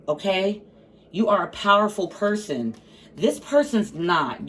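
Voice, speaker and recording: Woman, tarot reader, blunt, sassy, swearing, distant mic, light background hiss. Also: fairly low pitch. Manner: blunt, profane, sassy asides. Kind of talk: casual tarot reading to camera. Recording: slightly distant mic, faint background noise.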